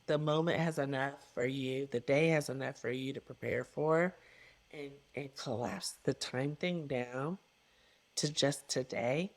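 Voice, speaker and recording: A woman's voice: rumbling low, unhurried. Earnest, emphatic middle-aged woman. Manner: earnest and emphatic, with repeated phrases. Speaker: podcast guest, coach. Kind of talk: reflective interview conversation.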